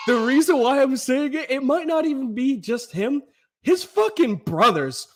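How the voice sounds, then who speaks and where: A man co-hosting a sports podcast in a casual, animated and profane way, laughing often. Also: very high voice, moderate pace, over music. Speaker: podcast co-host.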